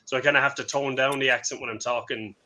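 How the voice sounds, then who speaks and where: A man from Limerick with a softened Irish accent, chatting easily as a guest on a live comedy show. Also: mid-range voice, fairly even intonation, quick pace. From Ireland.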